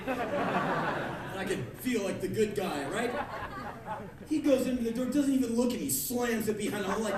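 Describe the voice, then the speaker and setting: Animated male spoken-word storyteller, high, lively voice, echoey club miked from afar with crowd. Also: brisk. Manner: animated, bursts into yelling and acted-out screams. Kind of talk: live comic storytelling. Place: live club stage before an audience. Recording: echoey club heard from far off, with crowd and noise.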